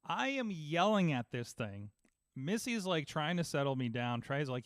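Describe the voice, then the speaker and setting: A man in casual podcast chat, telling an animated story and acting out both sides of phone calls. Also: a little high, normal speed, no room sound. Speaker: podcast host.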